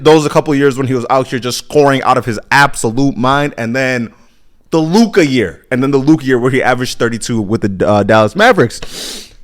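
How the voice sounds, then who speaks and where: A young American man hosting his own podcast, talking casually and animatedly, repeating himself and tossing in playful asides. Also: medium pitch. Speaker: podcast host. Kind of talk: casual solo commentary.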